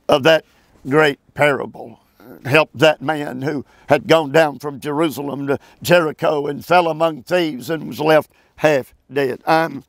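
A man teaching a Bible passage verse by verse, emphatic and preacherly, with halting restarts and calls for amen. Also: on the high side, gravelly, dry recording.

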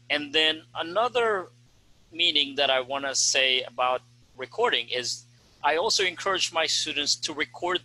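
Man, non-native english speaker, very bright voice, measured teacherly explanations, casual panel talk. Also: mid-range voice, poor audio. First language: Tagalog. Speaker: host and ESL teacher.

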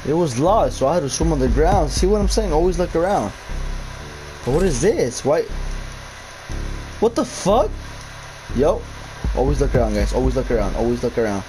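A man's voice: medium pitch, lively intonation, brisk, music in the background, poor audio. A young man commentating a horror game for his channel, talking in casual slang, cursing constantly and shrieking when scared. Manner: casual slang, addresses viewers as bro and guys. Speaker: gaming YouTuber.

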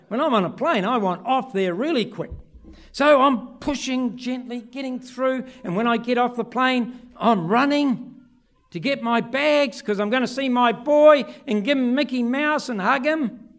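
A middle-aged man from New Zealand preaching a sermon in church, telling a story and acting out the voices with big swings in pitch and loudness. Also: normal speed. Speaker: pastor.

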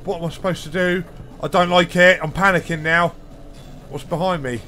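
A high-pitched man speaks in a steady tone at normal speed, with a little hiss or hum on the recording. He's a gaming video host playing a horror game, swearing, gasping and shouting in jumpy panic as faint game music plays.

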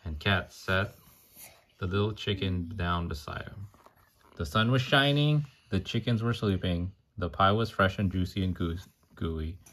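A man with a very deep voice reads a picture book aloud to a child. He sings the rhymes playfully and breaks off now and then to chat and ask questions. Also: a little slow, fairly bright tone. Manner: playful, sings the rhymes, chats and asks questions between pages.

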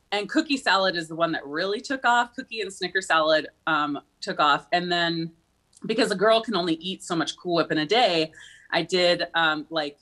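A woman from Minnesota with a Midwestern accent and a bright, crisp voice. She chats casually as a guest and tells stories in a chatty, giggly way. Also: fairly low pitch. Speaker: guest, comedy video creator. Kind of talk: casual chat.

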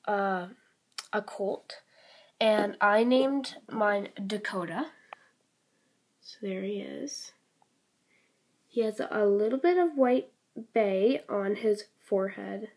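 A Canadian teenage girl shows off her new toys in a casual, rambling vlog, full of ums, likes and small apologies. Her voice is medium in pitch with a darkish tone.

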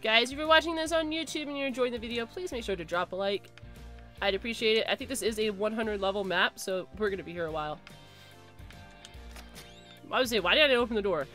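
A woman's voice: fairly high pitch, quick pace, fairly bright tone, soft background music. A woman streaming a game live, chattering and reacting, often repeating phrases in a rush and shrieking when things go wrong. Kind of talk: live gameplay commentary.

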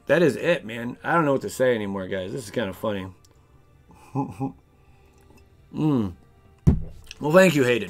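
A man streaming a card game live, chatting with viewers in an excitable, jokey way. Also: medium pitch, moderate pace, long pauses, soft background music. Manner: excitable, jokey, talks to chat. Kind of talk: casual live stream commentary.

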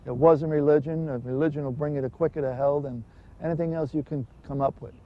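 A man's voice: fairly high pitch, fairly even intonation, fast. A man giving an earnest, emphatic personal testimony. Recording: dull lo-fi recording with faint hiss.

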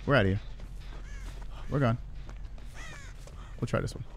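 This is live gameplay commentary from a man playing a horror game on the gaming computer in his home room. He speaks unhurriedly in a medium pitch, with a little hiss or hum on the audio, and he's jumpy, self-mocking, and quick to curse.

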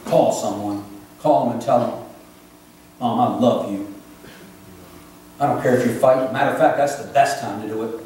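Impassioned preacher, echoey church. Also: male voice, medium pitch, fast talker, slight background noise. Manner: impassioned, swinging between loud pleas and hushed confessions. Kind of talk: emotional sermon. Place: church sanctuary. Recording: echoey church from a distant mic.

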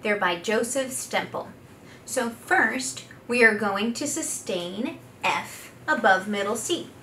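Slow-talking woman leading vocal exercises. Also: on the high side, lively intonation, pushed and bright, a little hiss or hum. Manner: slow, patient instruction with sung demonstration notes. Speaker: speech pathologist and voice teacher. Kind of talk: guided vocal exercise lesson. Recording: echoey room, voice a bit far from the mic.

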